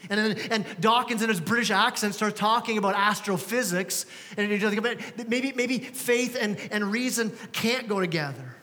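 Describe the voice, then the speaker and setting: A man's voice: sits high, moderate pace, few pauses, bright, forceful tone, long reverb tail. A man preaching a sermon as pastor, conversational and joking at his own expense. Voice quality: conversational, self-deprecating humor. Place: church sanctuary.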